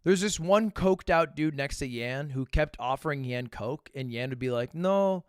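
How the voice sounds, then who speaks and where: A young man casually tells stories to his live stream audience, animated and swearing, breaking into loud bursts and mumbled asides. His pitch is medium and his pace moderate. The recording is dry and studio-clean.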